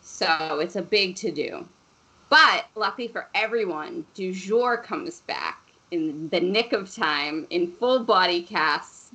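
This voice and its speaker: Bright-voiced woman recapping a movie. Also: on the low side, animated, slow pace, poor audio. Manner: chatty, laughs often, swears casually. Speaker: podcast co-host. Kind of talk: casual chat recapping a movie.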